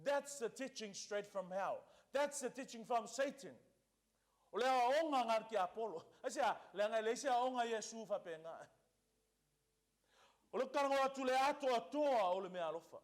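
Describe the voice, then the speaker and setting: This is a pastor's sermon, delivered from the pulpit with animation and at a moderate pace. His voice is high for a man, he shifts between two languages, and he repeats himself emphatically to drive his points in.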